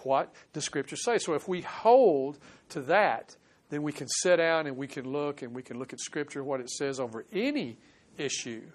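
A man's voice: fairly high pitch, expressive, normal speed. A man preaching a conversational Bible sermon, explaining verses and sometimes acting out quoted voices. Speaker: pastor.

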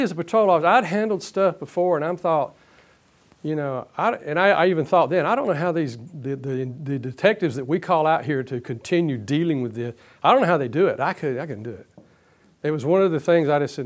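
A middle-aged male preacher delivers a sermon in a slightly higher-pitched voice. He is emphatic and slows down to draw out important words. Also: animated. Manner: emphatic, stretches key words slowly.

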